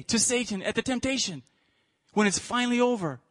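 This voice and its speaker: A middle-aged male pastor preaching a sermon, swinging from quiet reflection to shouted emphasis. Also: high voice, sing-song, fast talker, vocal fry.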